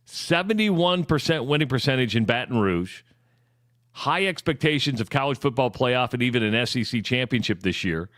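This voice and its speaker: A man co-hosting a sports talk radio show, laying out facts and figures in a measured way with some stumbling restarts. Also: medium pitch, animated, fairly bright tone, dry recording, studio quality.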